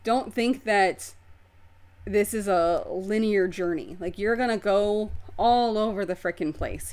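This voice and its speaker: Her tone is darkish and her mid-range voice moves a little slowly as she hosts her own podcast. She shares personal stories frankly and expressively, with some casual cursing, captured on a video podcast rig.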